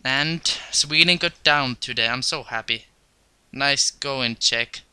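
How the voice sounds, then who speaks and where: A young man giving excitable, crude commentary over his gameplay. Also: mid-range voice, slow, clear, resonant tone, no echo. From Finland. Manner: excitable, crude trash talk. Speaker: gaming video host.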